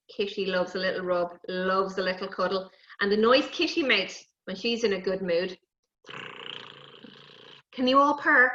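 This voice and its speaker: A woman presenting a lively lesson on animal safety to young children, coaxing them and talking to toy animals. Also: fairly high pitch. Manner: animated, coaxing, talks to puppets and kids. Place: indoors, recorded for an online event. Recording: dull, roomy live stream audio.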